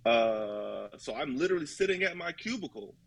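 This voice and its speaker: A man's voice: medium pitch, lively intonation, moderate pace, vocal fry, rough recording. A man in casual podcast talk about ministry, earnest and folksy, acting out little dialogues. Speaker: ministry leader guest.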